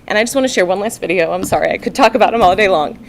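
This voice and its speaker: A woman speaking as a parent at a county board meeting, nervous and halting, with many fillers. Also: medium pitch, animated, creaky. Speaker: parent giving testimony. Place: public meeting room.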